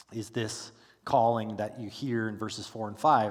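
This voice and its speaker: Low-voiced man teaching a Bible class in a reverberant hall. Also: unhurried, a little mellow. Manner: casual, with frequent fillers and restarts; asks the class questions. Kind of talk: conversational Bible lesson. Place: church classroom.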